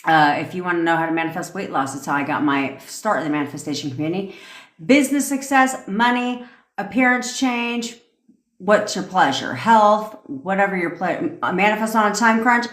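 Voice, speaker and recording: A woman's voice: medium pitch, expressive, a little fast, fairly bright tone, roomy sound. A woman manifestation coach ranting sarcastically and profanely on a phone live stream. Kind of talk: TikTok live rant.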